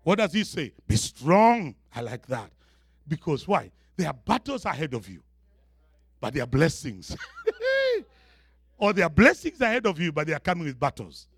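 A man's voice: fairly high pitch, sing-song, moderate pace, long pauses, a bit bright, slightly rough, no echo, clean studio sound. A male preacher delivering a dramatic sermon, acting out scenes and calling to the congregation for response.

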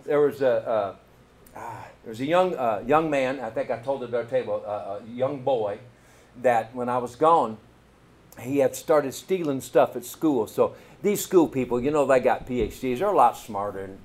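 A middle-aged man with a Kentucky accent, a pastor telling a story in a folksy, animated sermon and calling out to the congregation. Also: medium pitch, normal speed.

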